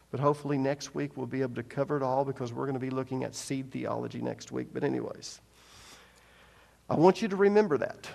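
A pastor with a gravelly, darkish mid-range voice delivers an emphatic sermon, hammering his key points repeatedly and questioning the congregation rhetorically. The long reverb of a large hall surrounds his voice.

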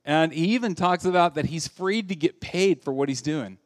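Animated joking male pastor from the South. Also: on the high side, moderate pace. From American South. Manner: animated, jokey, acts out quoted voices. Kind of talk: humorous sermon.

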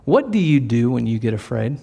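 A man's voice: medium pitch, big pitch swings, a little fast, gravelly, dark tone, husky. A man preaching a sermon in a conversational way, sometimes acting out the voices of the people in his story. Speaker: pastor.

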